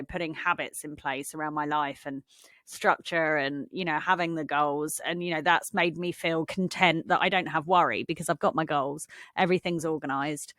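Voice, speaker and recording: A woman's voice: sits low, fairly bright tone, no room sound, clean studio sound. A woman co-hosting a podcast, talking in a reflective, explaining way with many "you know"s. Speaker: podcast co-host. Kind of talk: casual chat.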